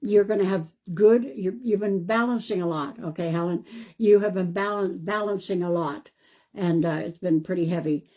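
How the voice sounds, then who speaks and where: A woman, a psychic medium, doing a live-stream card reading in a calm, reassuring way and thinking aloud. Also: fairly low pitch, normal speed. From Canada.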